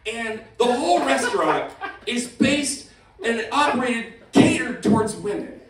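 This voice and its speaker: A young man doing a stand-up set, rambling and interrupting himself, swinging from mumbles to shouts. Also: very high-pitched, very animated, a little slow, roomy sound, recorded from a distance, slight background noise, rough recording. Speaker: stand-up comedian. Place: comedy venue with live audience.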